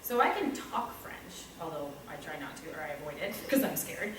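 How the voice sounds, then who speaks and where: A woman's voice: low-pitched, big pitch swings, brisk, a little hiss or hum. A woman teacher with a Canadian English accent reflects on her own teaching practice in a candid, self-deprecating way, acting out little asides. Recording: echoey room, speaker far from mic, faint ambience.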